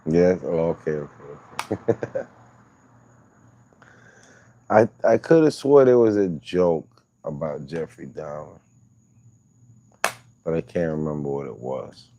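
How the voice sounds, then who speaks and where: A man's voice: a bass voice, slow, long pauses, noisy background. A man hosting a casual livestream, teasing and joking with his viewers. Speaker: livestream host.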